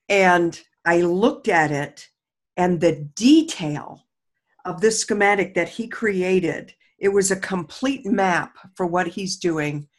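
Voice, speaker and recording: An older woman hosting a casual spiritual talk show, telling heartfelt stories with many restarts and easy laughter. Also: on the low side. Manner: heartfelt storytelling, frequent restarts, laughs easily. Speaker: host.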